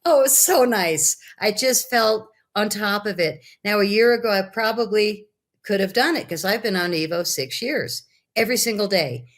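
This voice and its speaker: A middle-aged woman, a guest, telling a personal story in a lively, animated way and acting out her own quotes. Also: medium pitch, normal speed. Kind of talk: casual storytelling.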